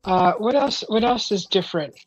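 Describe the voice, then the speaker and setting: A woman's voice: medium pitch, normal speed. A woman hosting a live stream, chatting casually and animatedly, acting out the voices in her stories. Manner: animated, acts out quoted voices. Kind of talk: casual storytelling chat. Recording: slightly dull stream audio with faint music.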